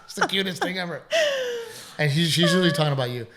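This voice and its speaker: A man in his forties hosting a podcast, chatting casually and telling stories in a relaxed, rambling way with laughs. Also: on the high side, fast, very noisy. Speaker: podcast host. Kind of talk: casual chat.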